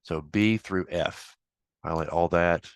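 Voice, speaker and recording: A man instructor walking through a software tutorial in a casual, chatty way with offhand asides. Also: low voice, takes it slowly, clear, resonant tone, no room sound. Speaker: accounting instructor. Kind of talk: screen-recorded software tutorial.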